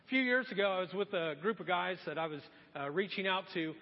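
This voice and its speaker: A man preaching a sermon in a church, telling stories in a lively way and addressing the congregation directly, heard in a dull, echoey recording. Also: high-pitched, quick pace. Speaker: pastor.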